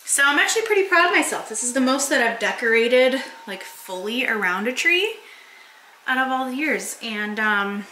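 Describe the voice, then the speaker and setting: Bright-voiced young woman vlogging at home. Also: very animated, moderate pace. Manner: talks to her dog in a high baby voice. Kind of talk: casual vlog chat. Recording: faint household noise.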